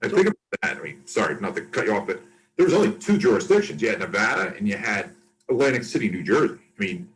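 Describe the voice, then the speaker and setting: A man's voice: lowish voice, sing-song, fast talker, poor audio. A man in his sixties, a guest on an interview show, telling a long story in a chatty way and acting out the dialogue. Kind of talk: casual storytelling.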